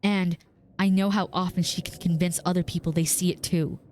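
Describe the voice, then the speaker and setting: A woman's voice: on the low side, little pitch movement, a little fast, darkish tone, a little hiss or hum, lightly acted. Curt, skeptical cousin, as a woman reads her. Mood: curt, dismissive. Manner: cold, clipped and skeptical. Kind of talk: reading game dialogue aloud.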